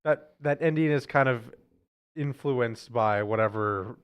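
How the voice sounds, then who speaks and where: A man with an average-pitched voice chats as a podcast guest. He rambles cheerfully and breaks into laughter, keeping a relaxed, friendly tone. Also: a little slow, smooth. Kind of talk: casual chat. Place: small podcast studio.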